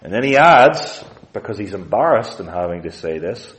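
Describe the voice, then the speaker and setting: A man preaching a sermon, expounding scripture with deliberate emphasis and quoting King James wording. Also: lowish voice, animated, rough recording.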